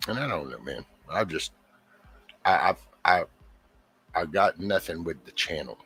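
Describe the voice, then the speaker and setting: A man hosting his own channel, talking in a casual, profane, exasperated ramble and mimicking other people in quick asides. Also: deep voice, expressive, fairly bright tone, breathy edge, soft background music. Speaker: YouTube channel host.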